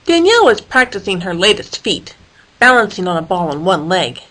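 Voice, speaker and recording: A woman reading a children's story aloud in a playful, expressive manner. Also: medium pitch, fairly quick, low-quality recording. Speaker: storyteller for a homeschool course. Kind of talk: storybook read-aloud narration.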